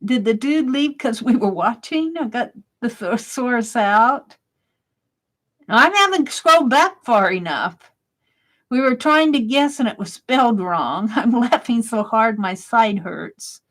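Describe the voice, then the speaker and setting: A woman's voice: a little high, animated, a little slow, fairly bright tone. A woman hosting a casual live stream, chatting and reading viewers' comments aloud, laughing often.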